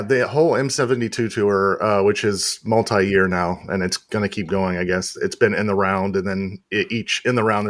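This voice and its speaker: A man appearing as a podcast guest, telling a story in a relaxed, rambling way with many fillers. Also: lowish voice, no echo, clean studio sound. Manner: rambling, lots of uh and you know. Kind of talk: casual chat.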